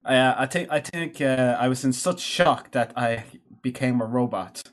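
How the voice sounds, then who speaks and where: A man's voice: medium pitch, normal speed. A man with a Dublin accent, co-hosting a casual podcast over an online call and making sardonic asides. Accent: Irish, Dublin. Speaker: podcast co-host. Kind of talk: casual group commentary.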